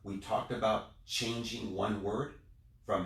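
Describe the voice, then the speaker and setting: Lowish-voiced guy telling a story in an interview, far from the mic. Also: takes it slowly. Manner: animated storyteller, drops quiet for quotes. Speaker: guest, business owner. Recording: roomy sound, distant mic.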